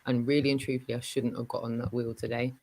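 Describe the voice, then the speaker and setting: A woman hosting a casual livestream chat, giving shout-outs and telling stories with lots of fillers. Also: very deep voice, little pitch movement, quick pace, low-quality recording. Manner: chatty, warm shout-outs, many fillers. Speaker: livestream host.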